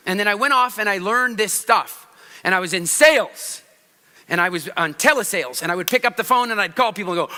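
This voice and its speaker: A man teaches public speaking live from a stage in a fairly high, very bright, forceful voice. He swings between loud, quick bursts and soft, slow stretches. His voice trails a long reverb through a large event hall. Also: animated. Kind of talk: live stage talk to an audience.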